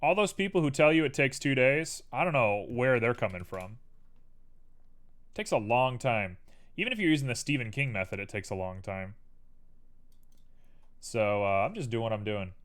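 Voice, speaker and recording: Dude streaming his 3d modeling, chatting to viewers while he works, relaxed and self-deprecating, voice goes up and down a ton. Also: medium pitch, moderate pace, long pauses. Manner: thinks aloud, chatty, talks to viewers while working. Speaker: live-stream host modeling in 3D software. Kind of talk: casual live-stream tutorial chat.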